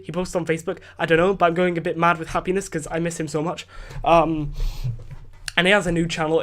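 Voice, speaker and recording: A tired Scottish man hosting a podcast, ranting casually and rambling with many fillers and restarts from home. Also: fairly high pitch. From Scotland. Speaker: podcast host. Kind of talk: casual solo rant.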